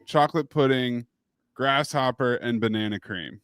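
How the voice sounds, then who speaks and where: A man hosting a casual podcast chat, teasing and deliberate. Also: mid-range voice, fairly bright tone, clear, resonant tone, no room sound, clean studio sound. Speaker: podcast host.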